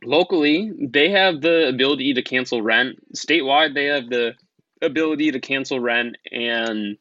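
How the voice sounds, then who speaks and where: A man's voice: medium pitch, normal speed, bright, forceful tone, no room sound, highs cut off. A man talking bluntly and angrily in a casual podcast conversation, swearing freely. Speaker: guest organizer. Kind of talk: casual political podcast talk.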